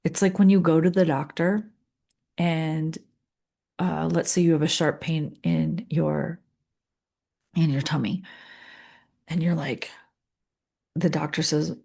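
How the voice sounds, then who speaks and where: A middle-aged woman leading a guided coaching session, calm and earnest, repeating phrases with pauses. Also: low-pitched, creaky. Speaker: leadership coach.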